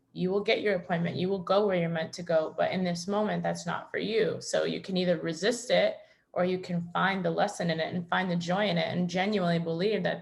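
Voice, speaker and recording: A woman hosting a members' video call, talking gently and reassuringly in a reflective coaching style. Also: lowish voice, vocal fry.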